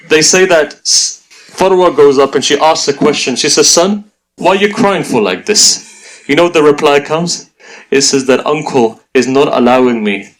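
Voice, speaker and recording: A man's voice: medium pitch, low-quality recording. A man reciting a mourning sermon, emotional and full of rhetorical questions put to his audience. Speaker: religious speaker.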